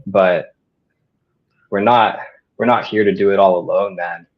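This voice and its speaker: Deep husky man on dull lo-fi audio. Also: steady tone. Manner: thoughtful, measured. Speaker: panelist. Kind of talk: reflective discussion.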